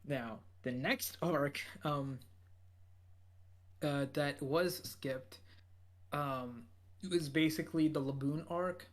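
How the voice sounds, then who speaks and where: A man's voice: fairly high pitch, slow, long pauses. A man with a slightly raised voice talks through a podcast recap in a loose, casual way. He rambles, restarts his sentences and leans on fillers as he goes. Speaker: podcast co-host.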